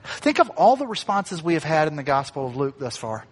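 A man with a fairly high voice delivers a sermon in an easy, conversational way. He acts out the lines he quotes and drops in light asides. His voice carries a long reverb from the church around him. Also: sing-song, a little fast. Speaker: pastor.

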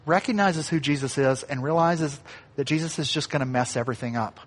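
A man's voice: fairly high pitch, brisk. Man preaching a sermon in a reverberant church. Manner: conversational, acts out quoted lines, light asides. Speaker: pastor.

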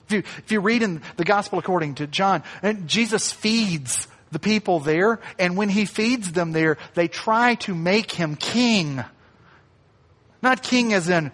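A pastor preaching a sermon in a conversational way, acting out quoted lines and adding light asides. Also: male voice, high-pitched, expressive, moderate pace, fairly bright tone, long reverb tail.

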